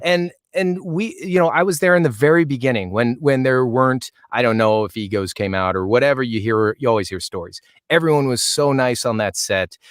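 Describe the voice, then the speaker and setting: A man's voice: mid-range voice, a little fast, few pauses, no room sound, clean studio sound. A man, an actor as a guest, telling stories in a casual interview in an eager, rambling way that often breaks off and restarts.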